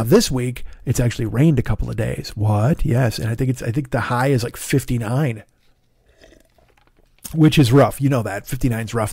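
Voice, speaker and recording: A middle-aged man hosting his podcast alone, with a hoarse, tired throat, rambling casually with profane, self-deprecating asides. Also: medium pitch, dark tone, no echo, clean studio sound. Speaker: podcast host. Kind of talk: casual solo podcast chat. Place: home studio in Los Angeles.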